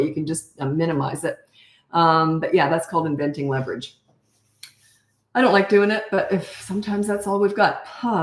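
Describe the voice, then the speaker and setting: Older woman, parenting coach, blunt, animated, low voice, echoey room. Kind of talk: live Q&A coaching talk.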